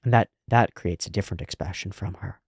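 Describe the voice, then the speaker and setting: A man with a fairly low voice talks through an anime episode in loose, reflective commentary. He thinks aloud and leans on "like" as he works out his points. The recording is dry and close, with no room sound. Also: fairly quick, vocal fry, darkish tone, slightly rough, no echo. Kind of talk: casual analytical commentary.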